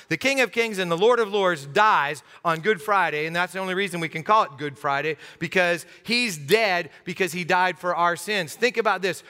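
Animated high-voiced male pastor preaching. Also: in a large hall. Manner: animated storytelling, acts out scenes with humor. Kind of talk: sermon.

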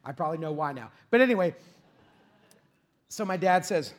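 A middle-aged man preaches from the pulpit in a fairly high voice. He tells a self-deprecating story with plenty of laughter, then builds to shouted, excited peaks. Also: normal speed. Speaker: pastor. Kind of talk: storytelling sermon.

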